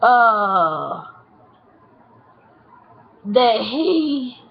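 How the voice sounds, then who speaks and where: A sassy woman spins a casual story with lots of animated asides, her voice sitting a little high. The recording is dull and lo-fi. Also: extremely slow, slightly rough. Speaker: vlogger.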